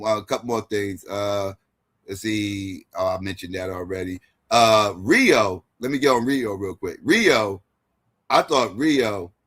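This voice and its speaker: A man's voice: mid-range voice, a bit bright. A man hosting and moderating a debate show, giving a casual, rambling recap full of swearing and restarts. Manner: profane, rambling, many restarts, keeps asking "right?". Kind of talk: casual post-debate commentary.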